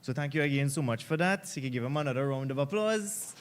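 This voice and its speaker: A man hosts an event and introduces speakers in relaxed, joking patter. His voice sits at a middle pitch, with faint room ambience behind it. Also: quick pace, slight background noise. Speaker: event host. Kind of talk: casual emcee patter.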